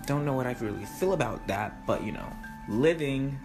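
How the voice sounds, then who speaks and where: A man's voice: mid-range voice, animated, normal speed. A man giving a casual, rambling confessional as a reality game contestant, often exasperated. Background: background music.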